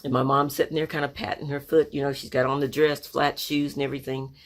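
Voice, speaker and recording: Gravelly-voiced older woman telling family stories. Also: very deep voice, level tone, fast. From Oklahoma. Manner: conversational, reflective, with frequent asides. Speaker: storyteller. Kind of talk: personal storytelling to camera.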